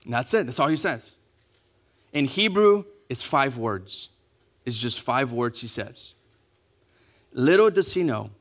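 A man preaching a sermon, acting out quotes and dropping to a hush on key words, asking the congregation to repeat after him. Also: fairly high pitch. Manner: animated, acting out quotes, dropping to hushed emphasis; repeats key phrases, asks congregation to say it along. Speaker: pastor.

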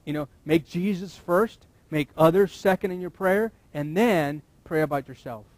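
A man preaching a sermon, repeating key phrases and now and then breaking into loud shouts. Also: on the high side, moderate pace, no room sound. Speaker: pastor.

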